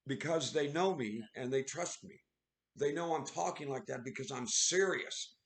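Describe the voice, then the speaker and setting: A man hosting a casual livestream, excitable and exclaiming, laughing often. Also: fairly high pitch, moderate pace, reverberant. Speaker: livestream host. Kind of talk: casual live commentary.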